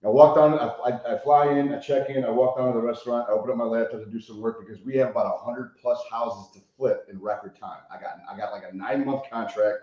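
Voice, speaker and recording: A man from Chicago tells stories as a podcast guest, animated and profane, often checking in with "right?". His voice sits mid-range and rings in a very echoey room. The recording is dull and muffled. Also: medium pitch, fast, hardly any pauses. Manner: animated storyteller, swears freely, frequent "right?" tags. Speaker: guest, rehab consultant. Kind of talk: casual podcast interview.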